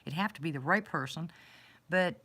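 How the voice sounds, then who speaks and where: A woman's voice: sits low, normal speed, bright, forceful tone. A woman hosting a casual talk show, telling stories in a chatty, faith-filled way and laughing easily. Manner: chatty storyteller, laughs easily, religious, grateful. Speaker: host. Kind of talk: casual chat.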